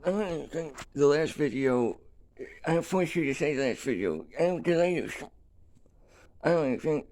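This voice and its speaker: A man speaking a solo monologue in fragmented bursts, often cutting himself off mid-sentence and swinging between shouting and quiet, flat delivery. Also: a little high, normal speed. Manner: fragmented, keeps cutting himself off with short interjections.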